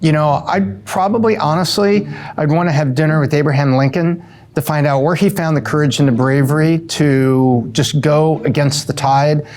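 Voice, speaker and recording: Chatty middle-aged man, slightly high voice. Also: steady tone, moderate pace, darkish tone. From US East Coast. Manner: upbeat, chatty, with fillers and self-corrections. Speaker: show regular answering rapid-fire questions. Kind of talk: casual Q&A answers.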